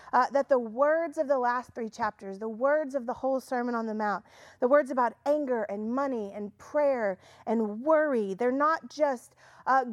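High-voiced woman preaching chattily. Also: no room sound. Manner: chatty storytelling with many fillers and restarts; self-deprecating humor. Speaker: pastor. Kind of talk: conversational sermon.

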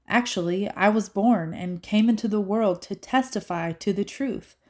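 A woman voicing a steady man on trial who answers in a measured, solemn way. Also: medium pitch, lightly acted. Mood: calm. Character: calm male teacher on trial, steady.

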